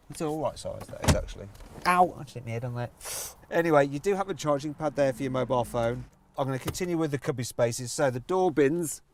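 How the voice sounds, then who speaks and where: A man presenting a car review from in and around the vehicle, with a chatty, jokey delivery and playful asides. His voice sits at an ordinary middle pitch, easygoing and conversational. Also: a little mellow, slight background noise.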